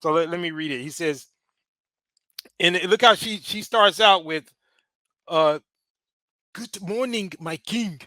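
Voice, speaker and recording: A man's voice: on the high side, unhurried, long pauses, pushed and bright, no echo. A man with a Chicago accent hosting a livestream, giving slangy, laughing commentary. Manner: slangy, laughing often, says "bro". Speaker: host.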